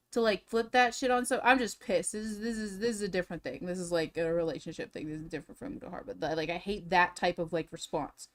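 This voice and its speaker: A young woman streamer ranting in a casual, profane, exasperated way, repeating herself as she talks from a room at home. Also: mid-range voice. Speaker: streamer reacting to drama videos.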